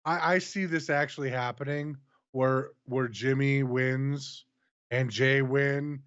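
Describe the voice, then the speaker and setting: Casting: laid-back wry male co-host, mid pitch, dull dry lo-fi mic. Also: steady tone, takes it slowly, a bit bright, smooth, dry recording. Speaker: podcast co-host. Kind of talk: casual wrestling review chat.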